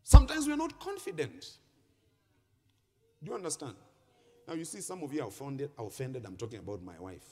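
A man's voice: medium pitch, sing-song, brisk, long pauses, warm tone, slightly rough. A man preaching a sermon to a congregation, reading scripture and breaking into sing-song emphasis. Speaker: pastor. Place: church hall. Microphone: handheld microphone. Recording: echoing hall reverb.

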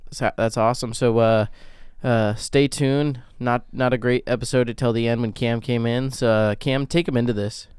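A man's voice: medium pitch, steady tone, moderate pace, darkish tone, clear, resonant tone. A man hosting a casual podcast, rambling and joking as he stumbles over his words. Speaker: podcast host.

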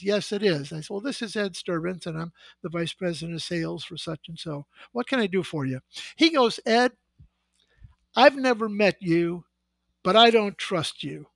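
Gravelly high-voiced storytelling man. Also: no room sound. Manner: animated anecdotal storyteller, acts out dialogue. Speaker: sales executive guest. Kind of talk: storytelling in podcast conversation.

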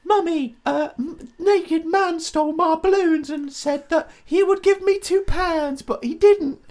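A man voicing a whiny young boy with a Cockney accent, pitched high like a small child. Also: measured pace, a little mellow. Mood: whining.

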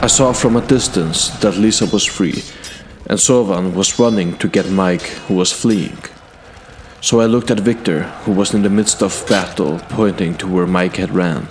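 A man telling a fantasy adventure in character, recounting past deeds to a king in a measured, earnest first-person way. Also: deep voice, a little hiss or hum. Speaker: storyteller.

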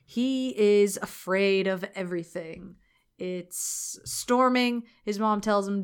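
A woman's voice: mid-range voice, slow pace, clear, resonant tone. A woman co-hosting a podcast, recapping a movie in casual chat, swearing freely and laughing often. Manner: profane, punchy, laughs often. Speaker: podcast co-host.

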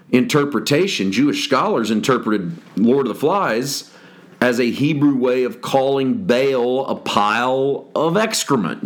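A man hosting a Bible study podcast, explaining scripture in a wry, explanatory way. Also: mid-range voice. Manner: explanatory, wry, slow and deliberate. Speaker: podcast host teaching scripture.

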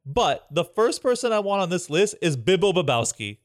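A man's voice: sits high, sing-song, moderate pace, dry recording, studio quality. A male podcast co-host in casual chat, rambling with many fillers. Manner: rambling, filler-heavy, laughing.

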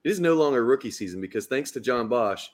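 Lively, teasing male podcast co-host. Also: medium pitch, quick pace. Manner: teasing, laughing, grumbling. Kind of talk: casual podcast banter.

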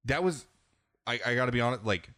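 A man's voice: mid-range voice, lively intonation, fast talker, bright, forceful tone, no room sound, studio quality. A man hosting a podcast, candidly rambling through a casual game discussion and often restarting his sentences. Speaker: podcast host.

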